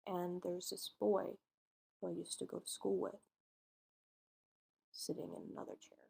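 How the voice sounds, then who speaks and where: A woman's voice: fairly low pitch, level tone, measured pace, gravelly, mellow, husky. A woman co-hosting a podcast, casually retelling a true-crime case and acting out its dialogue in informal speech. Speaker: podcast co-host telling a case.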